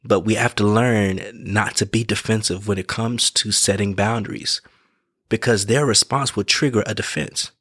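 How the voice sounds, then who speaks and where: A man's voice: on the low side, fairly even intonation, moderate pace, fairly bright tone, breathy edge, dry recording, clean studio sound. A man giving casual motivational advice in an earnest way, repeating his points, correcting himself and checking in with the listener. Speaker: vlogger giving life advice.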